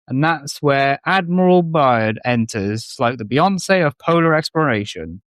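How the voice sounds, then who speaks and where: A man co-hosting a podcast who trades deadpan, sarcastic quips in comedic banter. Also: medium pitch, unhurried, no room sound. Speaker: podcast co-host.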